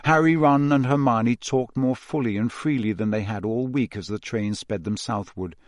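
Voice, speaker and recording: A man narrating a novel with a steady, measured delivery at an ordinary middle pitch. The recording is dry and close, with no room sound. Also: no echo. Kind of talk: audiobook reading.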